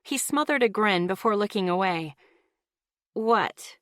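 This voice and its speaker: A woman's voice: medium pitch, expressive, moderate pace, fairly bright tone, no room sound, studio quality. A woman reading a first-person audiobook in a casual, lightly wry tone. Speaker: audiobook narrator.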